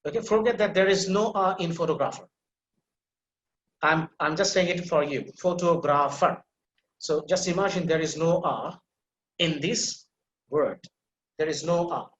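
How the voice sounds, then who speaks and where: Man, pronunciation teacher, patient, models words slowly, fairly high voice, roomy echo, faint background noise. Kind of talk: online pronunciation class. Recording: echoey room with faint noise.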